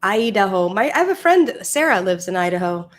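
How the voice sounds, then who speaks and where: A woman's voice: mid-range voice, very animated, a little fast. A woman hosting a podcast interview, asking curious, eager questions in a casual chat. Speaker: podcast host.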